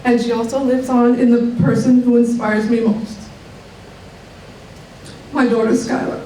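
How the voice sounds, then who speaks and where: A woman's voice: a little high, little pitch movement, a little slow, warm tone, a little hiss or hum. Heartfelt middle-aged woman with a cold. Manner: heartfelt, breaks off to laugh and recover. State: has a cold. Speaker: award recipient giving a speech. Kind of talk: emotional acceptance speech. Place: college dining room at an evening event. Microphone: podium mic from a distance. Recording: echoey room, distant mic.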